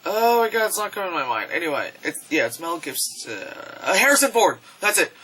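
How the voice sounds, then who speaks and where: A man's voice: on the high side, big pitch swings, fairly quick, fairly bright tone, slight background noise, rough recording. A young man casually reviewing movies on camera, rambling, swearing freely and using lots of fillers. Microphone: camera mic.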